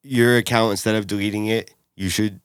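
A man's voice: lowish voice, fairly even intonation, a little fast, clean tone, no room sound, studio quality. A young man teasing his friend in casual chat, swearing and saying dude a lot.

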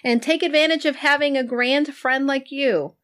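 A woman's voice: sits high, steady tone, normal speed, fairly bright tone. A woman podcast host in casual interview chat, chatty and effusive. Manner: chatty, effusive, laughs easily.

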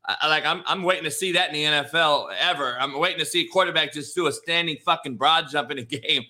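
A podcast host runs a casual sports talk show in a loose, profane style, restarting a lot and saying "dog." His voice is on the high side, bright and forceful, and he talks fast.

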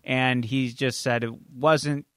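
Chatty joking podcast co-host. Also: male voice, medium pitch, steady tone, slow, clean tone, no room sound, clean studio sound. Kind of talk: casual chat.

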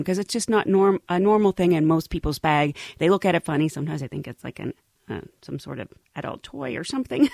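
A woman hosting a podcast, telling stories in a casual, animated way and laughing often. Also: mid-range voice, no echo, studio quality. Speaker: podcast host. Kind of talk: casual storytelling.

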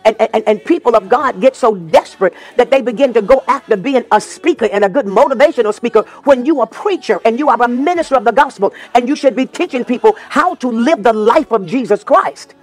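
Preaching a sermon, a gospel minister shares personal stories in an informal voice, repeating phrases for emphasis and at times singing lines. His pitch is extremely high, his intonation lively, and he moves briskly with hardly any pauses.

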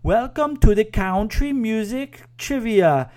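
Man doing a shrill, bubbly foreign trivia hostess. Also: animated, darkish tone. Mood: peppy. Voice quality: shrill, squealing. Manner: heavy put-on foreign accent, drawn-out words. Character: bubbly foreign woman trivia host, wildly energetic.

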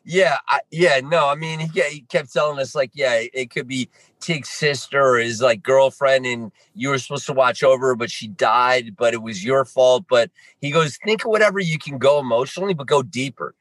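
A man as a podcast guest, rambling and excitable, acting out quotes while joining by video call. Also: medium pitch, normal speed, hardly any pauses, no echo. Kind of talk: casual chat.

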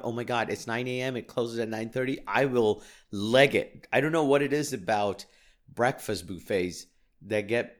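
A middle-aged man talking casually to his listeners in a voice of ordinary pitch. He rants in an animated, self-mocking way and sounds exasperated. He often stumbles and restarts. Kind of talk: casual storytelling rant.

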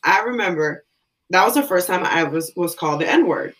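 A woman's voice: fairly low pitch, moderate pace. A woman co-hosting a conversation, talking casually with lots of fillers. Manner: casual, filler-heavy, animated. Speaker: co-host.

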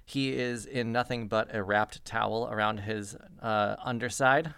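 A man narrating a tabletop game as game master, laid-back and quiet. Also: lowish voice, steady tone, measured pace, gravelly, clear, resonant tone, no echo, clean studio sound.

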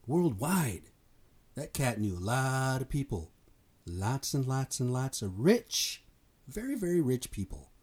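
A man from the United States, with a mid-range and slightly mellow voice, delivers a blunt, fired-up opinion monologue. He swears and repeats himself for emphasis.

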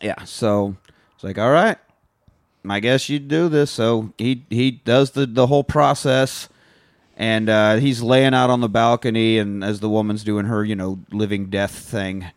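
A man's voice: on the low side, fairly even intonation, a little slow, smooth, no room sound, clean studio sound. A man co-hosting a casual podcast chat, retelling a film with profane, joking asides. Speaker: podcast co-host. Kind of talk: casual movie recap chat.

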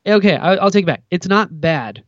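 A man's voice: sits high, lively intonation, a little fast, no room sound. An enthusiastic man co-hosting a casual podcast, his voice swinging widely as he stresses his points. The sound is dry and slightly dull, like a modest home mic. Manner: enthusiastic, emphatic fan talk with big swings. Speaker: podcast co-host. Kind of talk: casual chat.

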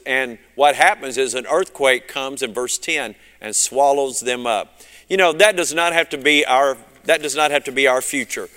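A man with a Southern US accent, preaching a fervent sermon that surges and drops in loudness. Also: high-pitched, long reverb tail. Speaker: pastor.

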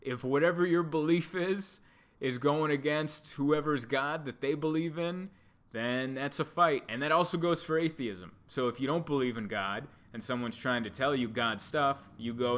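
A man doing a stand-up comedy routine, telling a rambling deadpan story with restarts and asides. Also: mid-range voice, fairly quick. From United States.

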